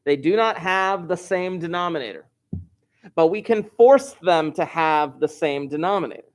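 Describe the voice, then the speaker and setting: A man with a fairly high voice and moderate pace teaches an online algebra class live. As the math teacher, he explains the steps while joking and chatting with students.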